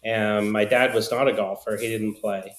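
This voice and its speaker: Low, flat-voiced man with an American accent. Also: moderate pace. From Australia. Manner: easygoing, joking, rambling anecdotes. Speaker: guest, golf coach. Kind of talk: casual interview storytelling. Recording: roomy echo.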